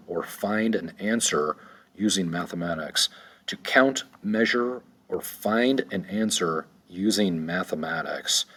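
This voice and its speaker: A man's voice: deep voice, fairly bright tone, husky. A male teacher going through vocabulary words, saying each one several times for pronunciation, with frequent ums. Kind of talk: recorded vocabulary lesson.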